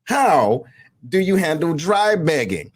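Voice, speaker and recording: A man's voice: on the high side, takes it slowly, no room sound. A man hosting a casual talk show, slangy and preachy, often calling out to his audience. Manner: animated, preachy, slangy, fond of calls to the audience. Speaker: show host.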